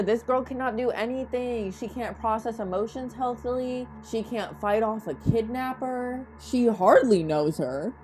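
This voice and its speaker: A woman's voice: fairly high pitch, unhurried, hardly any pauses, a little mellow, soft background music. A young woman recapping a TV show in a chatty, sarcastic way, full of slang and asides. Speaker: recap commentator. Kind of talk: comedic TV recap narration.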